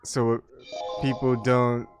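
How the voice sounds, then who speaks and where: A man hosting a casual online show, friendly and quick to laugh. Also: mid-range voice, little pitch movement, faint music behind. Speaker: host. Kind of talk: casual chat.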